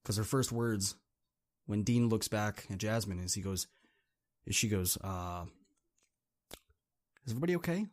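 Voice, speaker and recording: A man's voice: on the low side, fairly even intonation, a little slow. A man hosting a podcast, telling a second-person story in a casual, chatty way. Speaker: podcast host.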